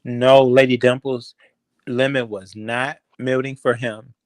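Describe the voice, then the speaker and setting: Brief: mid-pitched male host, hesitant and soothing, dry close mic. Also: little pitch movement, slow, no echo. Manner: placating, hesitant, full of restarts and ums. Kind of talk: casual chat.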